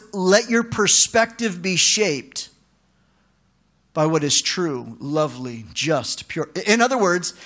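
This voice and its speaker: Animated high-voiced male pastor preaching. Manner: conversational, animated preaching with asides to the congregation. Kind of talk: sermon.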